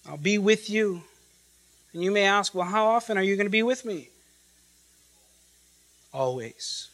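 A man preaching an expository sermon, emphatic and repetitive, swinging from loud declarations to hushed lines and drawing out quoted scripture and Greek words. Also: high-pitched, low-quality recording.

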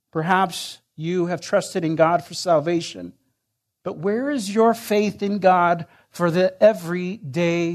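A man preaching a sermon in an earnest way, rising in force and then sinking to hushed lines. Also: sits high, takes it slowly. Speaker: pastor.

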